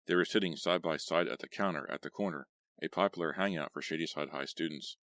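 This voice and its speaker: Deep-voiced male audiobook narrator. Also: quick pace, fairly bright tone, no echo. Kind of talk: scripted horror audiobook narration.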